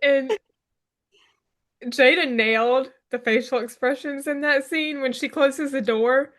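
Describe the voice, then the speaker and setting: A woman's voice: sits high, unhurried, a bit bright. A woman co-hosting a podcast, chatting casually about a TV episode, retelling scenes and quoting characters with a laugh. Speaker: podcast co-host. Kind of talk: casual chat recapping a TV episode.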